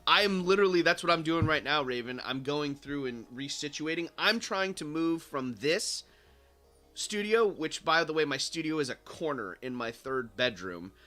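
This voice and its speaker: Brief: animated man, bright tone, big pitch swings, giggly casual livestream chat. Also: moderate pace. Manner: laughs often, animated and excitable, with many restarts. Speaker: guest co-host. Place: home studio in a bedroom corner.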